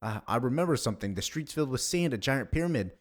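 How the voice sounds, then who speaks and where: A man's voice: mid-range voice, lively intonation, fast talker, close to an everyday voice. A man voicing a troubled masked vigilante, talking in an intense, haunted inner monologue. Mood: tormented.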